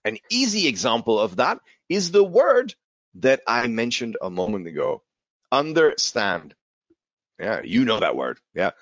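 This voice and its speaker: Lively male English teacher, dull dry sound. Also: medium pitch, a little slow, no echo. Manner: animated, repeats key words, slips in Spanish asides. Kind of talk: informal language lesson.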